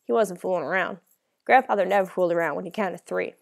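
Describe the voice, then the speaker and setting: A woman's voice: fairly low pitch, quick pace, vocal fry. A woman narrating a first-person novel as an audiobook, reading in a dramatic, emotional way.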